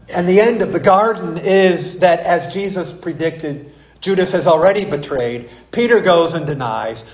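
A pastor reading scripture and then preaching a sermon, telling stories in an emphatic, animated way. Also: male voice, fairly high pitch. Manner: storytelling, emphatic and animated in anecdotes. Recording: roomy echo.

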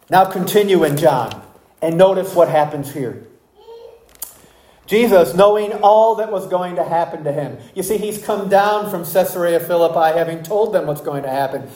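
A preacher giving an expository sermon, speaking slowly and emphatically and asking the congregation rhetorical questions. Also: medium pitch, darkish tone. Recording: echoey room.

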